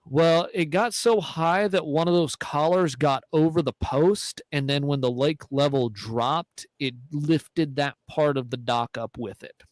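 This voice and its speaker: A man's voice: a little high, unhurried, few pauses, no echo, poor audio. A married man co-hosting a hunting podcast, telling a rambling story with restarts. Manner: rambling, self-correcting. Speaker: podcast co-host.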